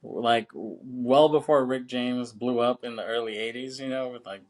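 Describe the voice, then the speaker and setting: A man's voice: mid-range voice, fairly even intonation, unhurried, darkish tone. A man co-hosting a film podcast, chatting casually, laughing often, swearing freely and saying "you know what I'm saying" a lot. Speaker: podcast co-host.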